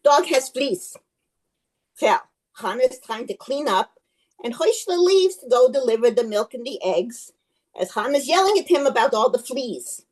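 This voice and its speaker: Animated woman telling a folk tale. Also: fairly high pitch, normal speed, poor audio. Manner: animated, expressive storytelling. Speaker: club speaker. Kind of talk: folk tale storytelling speech.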